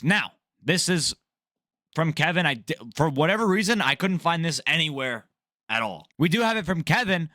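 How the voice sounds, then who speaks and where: A man's voice: fairly high pitch, sing-song, moderate pace, sharp tone, no echo, clean studio sound. A man hosting a sports news vlog, ranting casually in a blunt, jokey, profane way. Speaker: MMA news vlogger.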